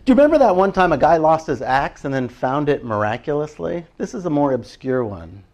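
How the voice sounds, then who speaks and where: A male pastor preaching with a high, light voice. He talks in a chatty, animated way, laughing often and acting out quoted prayers as he goes. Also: brisk. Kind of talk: sermon.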